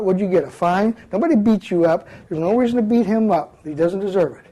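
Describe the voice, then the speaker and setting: An older man with a fairly high voice speaks bluntly and with folksy humor. He is a former police officer addressing young offenders, and he tells his stories in an animated, down-to-earth way. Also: a little fast, few pauses, rough recording. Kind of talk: comedic talk to a live group.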